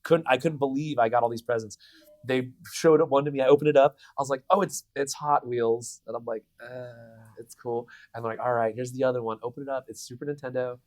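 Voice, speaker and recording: A man's voice: medium pitch, rapid-fire, dry recording. Thirties guy, voice actor, chatty storyteller at a con interview, lots of restarts. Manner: animated storytelling with many restarts and playful voices. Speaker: voice actor guest. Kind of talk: convention interview. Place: convention venue.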